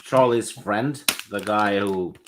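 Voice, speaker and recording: A man with a very deep voice joins a casual livestream chat. He speaks haltingly and keeps starting over with uh. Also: background noise. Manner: halting, many uhs.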